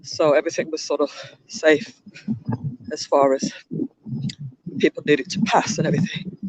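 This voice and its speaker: A woman's voice: low-pitched, steady tone, moderate pace, a little mellow, no room sound. A woman hosting a livestream, chatting and telling a rambling story while walking outdoors in a park, with frequent restarts. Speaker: livestream host.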